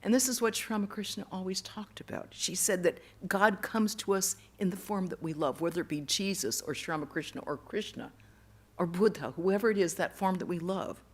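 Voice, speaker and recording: A woman giving a temple lecture, telling stories earnestly and going soft and hushed on tender words. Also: lowish voice, fairly quick. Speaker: monastic lecturer. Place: temple hall.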